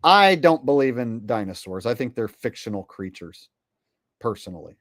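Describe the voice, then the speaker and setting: A man's voice: medium pitch, sing-song, normal speed, no room sound, clean studio sound. A man hosting a commentary vlog and reading viewer donations, with a rambling, sarcastic and profane way of talking.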